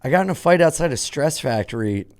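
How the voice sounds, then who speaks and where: A man who is a comedian, guesting on a podcast and telling a rambling anecdote in casual chat, swearing freely and getting animated. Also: on the high side, fast talker.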